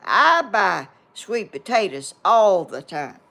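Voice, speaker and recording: A woman's voice: mid-range voice, very animated, slow, creaky, a bit bright. An older woman, telling a rambling personal story to her viewers in a homespun, meandering way. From Georgia, US. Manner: homespun, meandering, reads viewer comments aloud. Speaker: vlogger.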